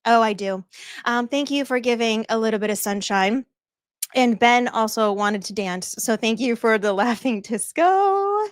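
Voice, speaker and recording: A woman hosts a casual livestream commentary in a high voice. She is animated and laughs often. Her sound is dry and close. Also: measured pace, no room sound. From Norfolk County area. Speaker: livestream host.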